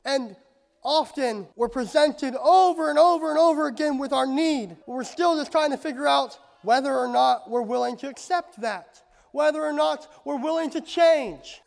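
A man preaching a sermon to a congregation, moving between quiet and impassioned, loud passages. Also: extremely high pitch, gravelly, long reverb tail. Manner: impassioned, swings from soft to loud. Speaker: pastor. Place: church sanctuary.

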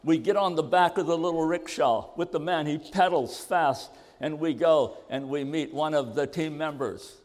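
Older preacher in a reverberant hall. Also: male voice, a little high, a little mellow. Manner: earnest storytelling, slows for scripture. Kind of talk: sermon with a personal story.

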